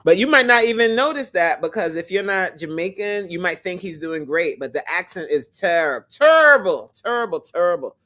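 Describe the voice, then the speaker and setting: Lady chatting on a livestream, super animated, laughs a lot, teases the chat. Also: fairly low pitch, normal speed, few pauses. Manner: animated, laughs often, teasing asides to viewers. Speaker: host. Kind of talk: casual livestream chat about movies.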